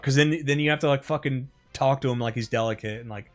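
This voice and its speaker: A man's voice: mid-range voice, fairly quick, few pauses, soft background music. A man streaming gameplay, telling stories in a rambling, profane way full of fillers. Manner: rambling, profane, animated retelling with frequent fillers. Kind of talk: casual storytelling over gameplay.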